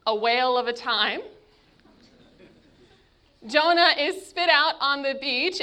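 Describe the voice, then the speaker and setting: Woman, preacher, sermon, dramatic pauses, unhurried delivery. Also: high-pitched, bright, forceful tone. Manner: dramatic pauses, acts out scripture voices.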